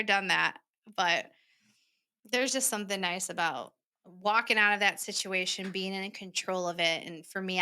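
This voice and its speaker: A woman's voice: medium pitch, clean tone. A woman hosting a podcast, talking casually and chattily, acting out what people said. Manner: chatty, animated, acts out quoted remarks. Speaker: podcast host. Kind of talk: casual solo podcast talk.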